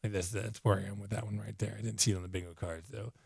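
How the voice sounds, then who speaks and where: An out-of-breath man whose voice is fading, reviewing a comic book in an excited, rambling way full of "like". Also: fairly low pitch, fast, vocal fry, slightly rough, no room sound, clean studio sound. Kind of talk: casual video review.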